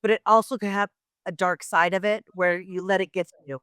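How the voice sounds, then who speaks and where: This podcast guest, a middle-aged former wrestler, has a medium-pitched, steady voice that is fairly quick, a bit bright, and smooth. The sound is clean studio quality with no room sound, and she chats casually, spinning rambling tales full of acted-out quoted voices.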